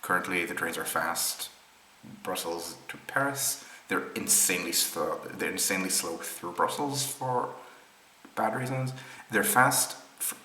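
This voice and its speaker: A man's voice: sits low, pushed and bright, slight background noise. A man from Israel presenting rail maps in an unscripted screen-share explainer, thinking aloud with many ums and restarts. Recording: roomy echo with faint ambience.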